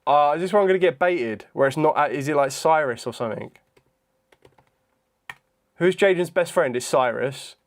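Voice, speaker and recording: A young man chatting casually on a live stream, thinking out loud in a hesitant way with frequent ums. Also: on the high side, moderate pace, pauses often. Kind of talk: casual live-stream chat during a trivia quiz.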